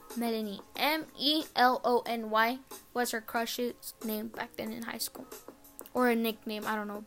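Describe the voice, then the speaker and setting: A teenage girl hosts her own podcast alone from her bedroom, rambling and casually swearing. Her voice sits on the high side and is a bit bright.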